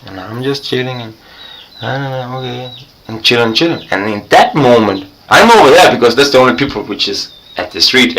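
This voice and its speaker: Profane, excitable man with bright voice. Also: medium pitch, vocal fry, low-quality recording. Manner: profane, excitable, swings between loud and quiet. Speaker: vlogger. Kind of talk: rambling storytelling monologue.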